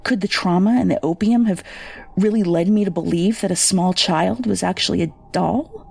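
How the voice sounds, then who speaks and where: A woman narrating a first-person horror story in a measured, somber way. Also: on the low side, vocal fry, darkish tone, slightly rough.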